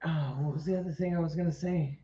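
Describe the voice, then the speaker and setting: A woman's voice: low-pitched, steady tone, fast, reverberant, a loud crowd. Chatty woman co-hosting. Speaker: co-host, host's wife. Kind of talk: casual livestream chat. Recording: slightly dull sound.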